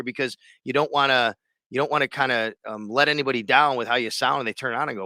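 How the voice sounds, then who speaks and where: A man co-hosting a sports podcast, chatting in a loose, rambling way. His voice is bright and forward, at an ordinary pitch. The sound is dry and close. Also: quick pace, gravelly, no echo. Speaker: sports radio and podcast host. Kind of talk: casual sports podcast chat.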